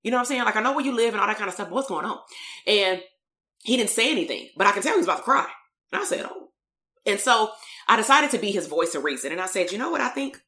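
Woman, therapist, storytelling with slang, lively swings in pitch. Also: quick pace. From Compton, California. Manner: animated storytelling with slang and fillers. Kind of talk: storytelling talk.

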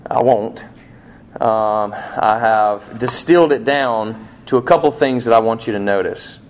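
A man preaching a sermon in a conversational way, asking rhetorical questions and acting out quoted lines, slowing down to stress key points. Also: on the low side. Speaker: pastor.

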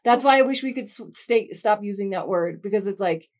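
A woman's voice: mid-range voice, fairly quick. A middle-aged woman co-hosting a podcast in casual chat, frank and reflective, swearing now and then. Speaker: podcast co-host.

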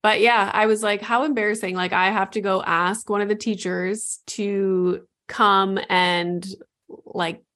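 A woman in her thirties speaking as a podcast guest at a slow, unhurried pace. Her speech is loose and full of "like", and she laughs often. Her voice sits at a middle pitch. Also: steady tone, fairly bright tone. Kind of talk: casual chat.

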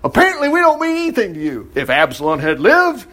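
A man's voice: high voice, huge pitch swings, fast, sharp tone, pitched above the performer's own voice, exaggerated voice. A man reading aloud the reproachful words of an army commander scolding his king, with a raised voice.

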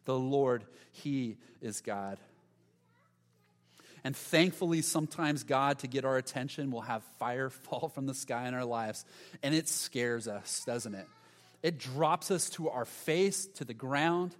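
A pastor preaching a sermon to his congregation, animated and conversational, with dramatic pauses. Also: mid-range voice. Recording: long hall reverb.

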